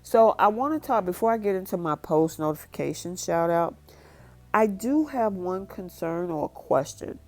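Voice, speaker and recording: Low-voiced woman chatting through a show recap. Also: lively intonation, normal speed. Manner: chatty, retells scenes by acting out quotes, emotional. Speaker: recap vlogger. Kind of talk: casual recap and review.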